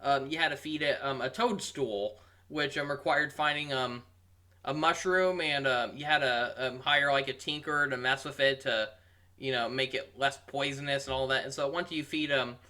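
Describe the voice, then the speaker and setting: A young man giving a casual, rambling review, amused and full of pauses. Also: mid-range voice, steady tone, bright, forceful tone. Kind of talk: casual commentary.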